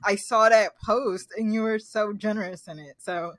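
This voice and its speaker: A woman's voice: mid-range voice, moderate pace. A woman hosting an interview, talking casually and gushing with praise for her guest, laughing easily. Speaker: podcast host.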